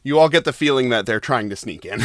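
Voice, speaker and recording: A man's voice: a little high, pushed and bright, dry recording. A man narrating as game master of a tabletop game, rambling with lots of fillers.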